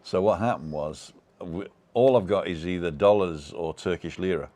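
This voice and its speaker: A British man hosts a live stream from home, reading viewer comments aloud and chatting in a loose, rambling way. His voice sits very low, and he leans on fillers and false starts. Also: moderate pace, darkish tone. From United Kingdom.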